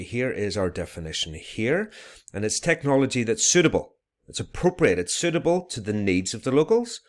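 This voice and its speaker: A man talks a class through a recorded video lesson. His voice sits a little low, and his chatty, jokey delivery rises now and then into bursts of excitement. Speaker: teacher.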